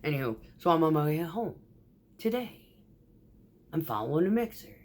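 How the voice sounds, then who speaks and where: A woman who drives a concrete mixer truck, telling profane, animated stories about her workday in a casual vlog. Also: low voice, normal speed. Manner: profane, animated, acts out quoted voices.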